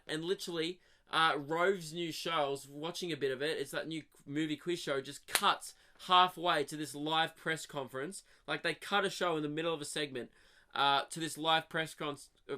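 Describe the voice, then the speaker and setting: Young man ranting in comic monologue. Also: on the high side. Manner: swearing, animated rants with sudden drops to mutters. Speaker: comedian podcast host.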